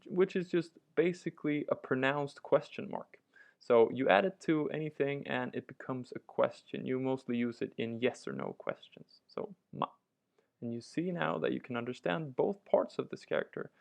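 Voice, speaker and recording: A man's voice: medium pitch, moderate pace, vocal fry. A man teaching a language lesson, patiently walking through each example and repeating it. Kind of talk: instructional walkthrough.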